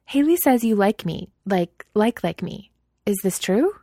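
A woman voicing a bubbly, excitable teenage girl gymnast who talks eagerly and gushes. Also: medium pitch, measured pace, no room sound, studio quality, pitched above the performer's own voice. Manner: eager, squealing, gushing.

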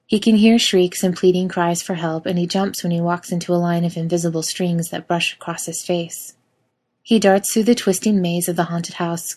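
A woman reading a story aloud in steady narration. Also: fairly low pitch.

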